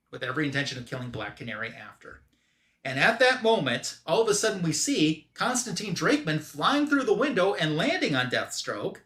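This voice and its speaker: A man with a bright, forceful voice talks through a comic issue in a loose, chatty way. He sums up the action and tosses in quick paraphrases of what the characters say. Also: on the high side, lively intonation. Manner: retells the story loosely with quick paraphrased quotes. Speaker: comic book podcast host. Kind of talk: casual comic recap.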